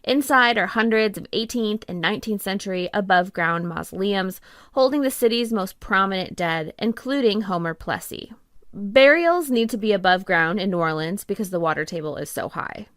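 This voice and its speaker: A woman's voice: medium pitch, expressive, normal speed, a bit bright, dry recording. Woman reading a history script, dry studio. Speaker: podcast co-host.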